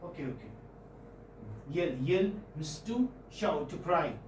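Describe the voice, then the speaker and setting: An English professor with an Indian English accent teaches phonetics to a classroom, his voice sitting on the high side and swinging widely in pitch. He pauses often, repeats words, and checks in with his students using "hmm?" and "okay?". The recording catches him from a distance in an echoey room, with faint background noise.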